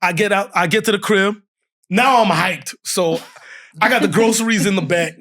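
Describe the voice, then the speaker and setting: At a moderate pace and in a high-pitched voice, this podcast guest relates a funny tale conversationally. He laughs frequently, acts out quoted remarks, and keeps an animated manner.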